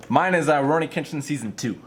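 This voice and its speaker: A man's voice: fairly high pitch, animated, fast talker, slight background noise. A man co-hosting a casual podcast, upbeat as he reads out viewer donations and messages. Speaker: podcast co-host reading donations. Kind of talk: casual chat.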